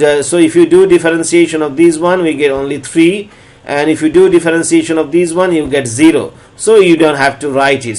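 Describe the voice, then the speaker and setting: A man's voice: a little high, darkish tone. Man explaining calculus, repeating steps. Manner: repeats steps slowly, restarts phrases. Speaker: lecturer. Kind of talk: recorded math lecture.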